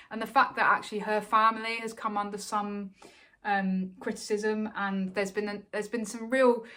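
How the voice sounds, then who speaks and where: A woman's voice: a little high, fairly bright tone. Chatty woman co-hosting a cricket podcast. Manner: chatty, many fillers and restarts. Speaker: podcast co-host. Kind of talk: casual cricket discussion.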